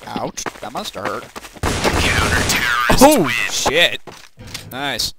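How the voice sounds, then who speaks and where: A man's voice: mid-range voice, very animated, very slow, noisy background. A man chatting casually and joking while playing a multiplayer shooter and recording the match. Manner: laid-back, laughing, joking reactions. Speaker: gamer recording his match. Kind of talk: casual voice chat while gaming. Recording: voice chat over loud game gunfire. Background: loud game gunfire.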